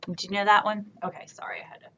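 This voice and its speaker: A woman librarian leading a virtual children's storytime, reading slowly and asking the kids gentle questions, recorded on a camera in a library room. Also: medium pitch, little pitch movement. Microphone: camera on a stand. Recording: dull lo-fi camera audio, faint room hiss.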